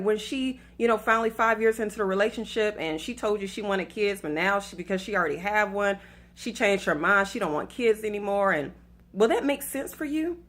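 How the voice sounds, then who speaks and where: A woman's voice: on the high side, a bit bright. A woman with a Southern accent talks to her viewers in a casual, chatty way. She is playful and laughs at her own stories. She mixes faith with dating advice and calls her audience y'all. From Atlanta, US South. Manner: addresses viewers directly as y'all.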